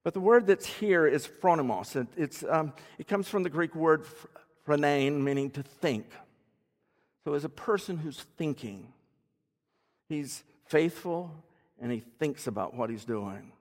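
Speaking a little slowly in a fairly high voice, a male preacher gives a conversational teaching sermon. He explains words and asks his audience questions, all under a long hall reverb.

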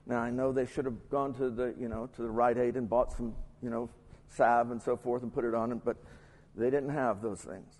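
A man's voice: medium pitch, fairly even intonation, moderate pace, a little mellow. A man giving a sermon-style Bible lesson, reading scripture aloud and adding his own asides. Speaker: pastor or Bible teacher. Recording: long hall reverb.

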